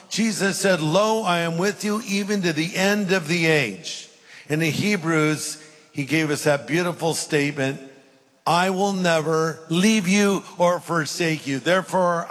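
A man's voice: on the high side, a bit bright. A middle-aged male pastor preaching a sermon, reading scripture aloud and acting out the voices in it. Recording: long hall reverb.

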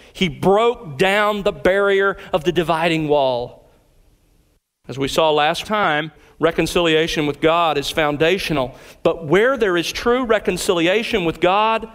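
A man preaching an expository sermon as pastor, earnest and deliberate in his phrasing. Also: high voice, a bit bright, clean tone, in a large hall.

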